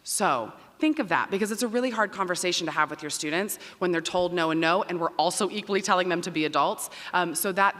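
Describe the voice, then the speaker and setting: A loud, energetic woman dean speaks quickly from a stage microphone. Her voice is bright and forceful, and it rings out with a long reverb across a big auditorium. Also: deep voice. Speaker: dean of students. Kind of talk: welcome speech to families. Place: large performing arts auditorium.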